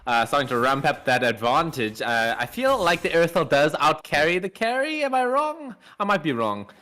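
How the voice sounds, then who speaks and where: A man's voice: a little high, big pitch swings, normal speed, sharp tone. A man co-casting a live online game match in a casual, chatty way, laughing often and calling people dude. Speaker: esports co-caster. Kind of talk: live esports commentary.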